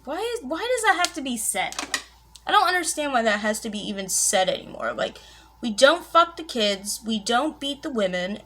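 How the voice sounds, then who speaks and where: A woman's voice: a little high, a bit bright. Chatty, profane young woman vlogger. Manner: chatty, profane and exasperated, lots of "like" and "blah blah". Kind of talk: casual chat retelling a movie while getting ready.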